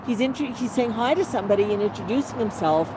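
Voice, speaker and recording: A woman's voice: a little high, animated, quick pace, background noise. Chatty woman livestreaming outdoors. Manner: chatty, reads viewer comments aloud. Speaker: livestream host. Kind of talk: casual livestream chat.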